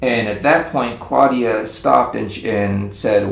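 A man casually retelling a secondhand story in an animated, rambling way, with frequent restarts. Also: mid-range voice, slow, vocal fry. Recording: roomy echo with faint ambience.

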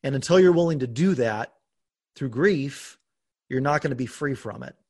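A man hosting a podcast, talking earnestly and openly about his own life, with bursts of laughter and animated emphasis. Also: medium pitch, moderate pace, breathy edge. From United States. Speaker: podcast host. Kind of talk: conversational podcast talk.

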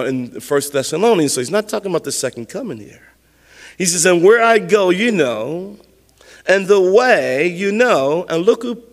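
A man's voice: fairly high pitch, gravelly, in a large hall. A male pastor giving a sermon, preaching emphatically in a conversational way and often repeating words as he explains.

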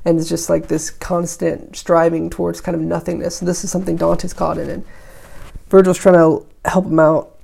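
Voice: mid-range voice, flat delivery, normal speed, vocal fry, darkish tone, breathy edge. A podcast host who reads archaic verse aloud, then explains it in loose, casual paraphrase full of likes and you-knows. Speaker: podcast host reading and interpreting a poem. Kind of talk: casual explanatory reading with commentary.

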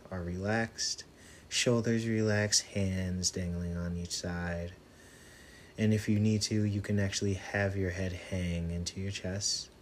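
A man hosting a podcast, guiding listeners through a breathing exercise with soft, repeated affirmations. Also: low-pitched, a little hiss or hum. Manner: soft, slow, repetitive and soothing. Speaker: podcast host leading a healing exercise. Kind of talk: guided meditation with affirmations.

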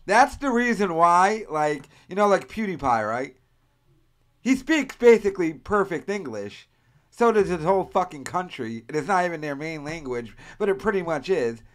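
Podcast host, man from the US, crude rambling banter, fairly high, very lively voice. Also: moderate pace. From United States. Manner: profane, rambling, mimics accents mid-story.

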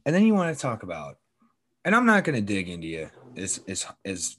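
A man co-hosting a casual sports podcast, animated and profane, teasing his friend, his voice jumping up when excited. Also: lowish voice, a little fast. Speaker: podcast co-host.

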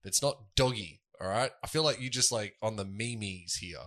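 A man's voice: fairly low pitch, moderate pace, a bit bright. A man co-hosting a podcast, rambling and laughing through casual banter with his friends. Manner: laughing, rambling, self-deprecating. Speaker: podcast co-host.

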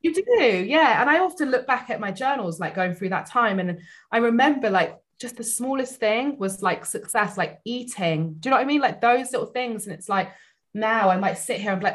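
Animated woman chatting openly. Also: brisk. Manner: animated, says "like" and "you know" a lot, rises in pitch when moved. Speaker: guest. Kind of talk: casual heartfelt chat.

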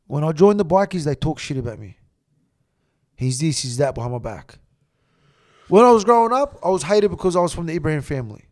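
High-voiced man, blunt and sweary. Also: darkish tone. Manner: blunt, heavy swearing, emphatic. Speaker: podcast guest. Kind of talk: casual storytelling chat.

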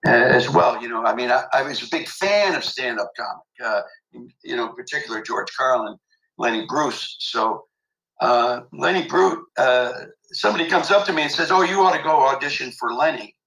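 A man's voice: mid-range voice, normal speed, gravelly, pushed and bright, echoey room, rough recording. An older man recalling his past in an interview, reflective and emotional, with many fillers. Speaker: interview guest. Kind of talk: storytelling interview.

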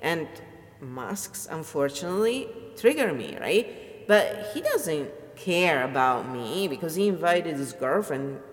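A woman's voice: a bass voice, big-room sound. A middle-aged woman, ranting bluntly and swearing freely in a rambling personal vlog. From Italy. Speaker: vlogger. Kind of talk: personal rant to camera.

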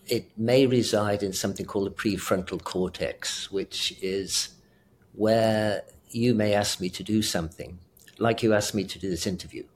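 A man's voice: fairly low pitch, normal speed, slight background noise. An older man with a British accent, a retired doctor rambling and chuckling as an interview guest. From South Africa. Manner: rambling, chuckling, self-correcting. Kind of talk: casual interview chat.

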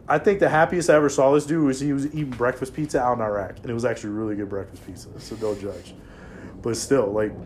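A man in relaxed, profane storytelling mode, his voice sitting at a middle pitch. He acts out other people's lines, pitching up and getting louder for the quotes. Faint noise runs underneath. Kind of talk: casual storytelling.

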